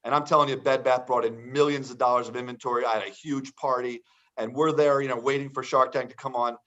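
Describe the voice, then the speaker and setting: A man's voice: medium pitch, fairly even intonation, quick pace, fairly bright tone. Man telling a chatty business story. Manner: chatty storytelling with quoted dialogue. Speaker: entrepreneur guest. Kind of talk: casual anecdote. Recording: dull lo-fi sound.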